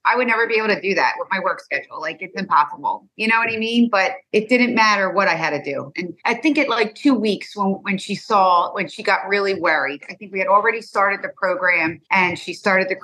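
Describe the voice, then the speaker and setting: A middle-aged woman appearing as a guest mother tells an emotional personal story, animating it with acted-out dialogue. Her mid-range voice moves briskly, with hardly any pauses.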